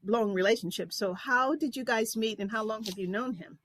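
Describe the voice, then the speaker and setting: A woman's voice: fairly high pitch, fairly quick, a bit bright. A woman hosting an interview talk show, chatting casually and asking about her guest's life.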